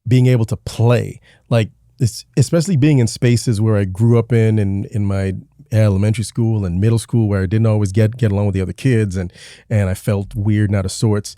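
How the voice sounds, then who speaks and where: A man's voice: fairly low pitch, fairly even intonation, brisk, mellow, no echo, studio quality. A man co-hosting a podcast, speaking in an earnest and reflective way in casual chat. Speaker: podcast co-host.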